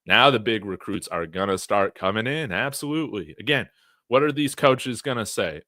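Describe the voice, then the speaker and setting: A man hosting a college football fan livestream, talking in an excited, brash, trash-talking way. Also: lowish voice, moderate pace, dry recording, clean studio sound.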